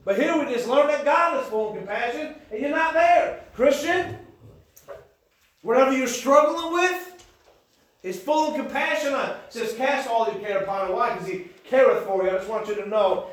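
A man preaching a sermon, building into shouted emphasis. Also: extremely high pitch, moderate pace. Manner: impassioned, rising to shouts. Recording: echoey church room.

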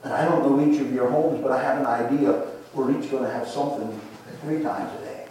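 An older man preaching a sermon, slow and emphatic, repeating phrases for emphasis, with the congregation answering now and then. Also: mid-range voice, warm tone. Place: church sanctuary. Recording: echoey room, distant mic, faint noise.

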